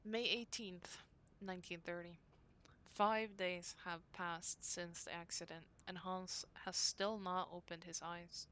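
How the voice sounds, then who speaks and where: A woman reading aloud the diary entries of a young woman devoted to her brother, in an earnest, unhurried way. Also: fairly low pitch, fairly even intonation, a bit bright, slight background noise. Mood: anxious.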